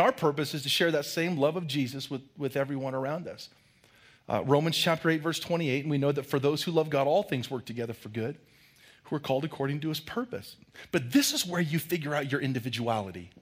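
A middle-aged man, a pastor, preaching a lively sermon with loud, humorous storytelling. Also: fairly high pitch, slightly rough.

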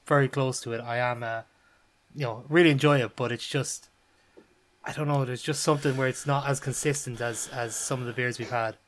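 An Irish man on a beer podcast with a mid-range voice. He hesitates and thinks aloud with fillers. Casual chat. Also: mid-range voice. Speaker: podcast co-host.

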